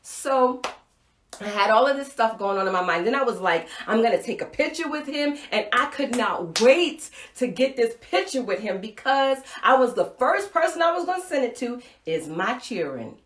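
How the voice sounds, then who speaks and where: A middle-aged woman hosting a live show, telling a personal story with playful, expressive swings between loud and soft. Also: a little high, moderate pace, reverberant, slight background noise. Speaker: live show host and speaker.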